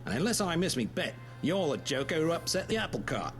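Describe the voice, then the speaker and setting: Brief: cocky Cockney secret agent, lively sing-song delivery, game score under. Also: male voice, a little high, brisk. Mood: cocky, blustery. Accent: Cockney (put on). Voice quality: exaggerated stagey Cockney, cocky and blustery. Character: brash male Cockney British spy. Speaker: game voice actor. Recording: game audio with loud music behind.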